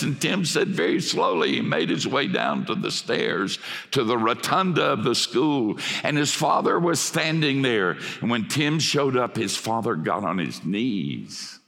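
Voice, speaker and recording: An older man preaching a sermon emphatically, swinging from hushed passages to shouts. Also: lowish voice, sing-song, unhurried, gravelly. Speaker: pastor. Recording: long hall reverb.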